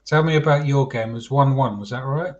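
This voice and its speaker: A man's voice: mid-range voice, fairly quick. A man hosting a casual football chat livestream, chatty and calling his viewers mate. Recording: dull lo-fi stream audio.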